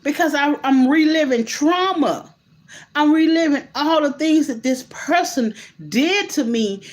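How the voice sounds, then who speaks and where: A woman with a slightly high voice chats straight to her viewers. She is animated and incredulous, stumbles through restarts and keeps throwing in asides as she talks. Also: unhurried. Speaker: host. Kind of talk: casual commentary vlog.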